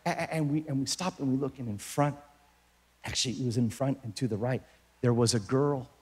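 A man doing stand-up, telling a story in an animated way and often checking in with "right?" asides. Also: medium pitch, fairly quick. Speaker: comedian.

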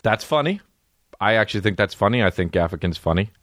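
A man's voice: on the low side, lively intonation, fast, a bit bright, faint music behind. A man co-hosting a podcast, chatting casually and profanely while breaking down a movie trailer with silly impressions. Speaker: podcast co-host. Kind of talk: casual comedic chat.

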